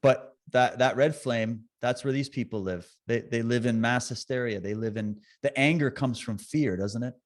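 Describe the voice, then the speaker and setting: A man talking as a podcast guest, telling stories in an animated, swearing, fired-up way with quick impressions. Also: medium pitch. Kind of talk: casual conversation.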